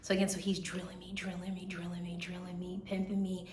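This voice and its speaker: A young woman in her twenties tells stories in a loose, animated way, piling up "like" and repeats. Her voice sits a little low and sounds tired, since she is still getting over being sick. She is recorded in a roomy, echoey space with a faint hiss behind her. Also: quick pace. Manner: animated storytelling, lots of "like" and repeats. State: tired and recovering from illness. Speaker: medical student vlogger. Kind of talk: casual chat.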